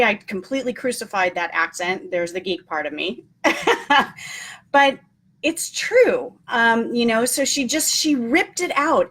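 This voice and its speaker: A motivational host speaks on a casual live stream in an earnest, encouraging manner, with frequent ums and repeated key points. Her voice is a little high and a bit bright.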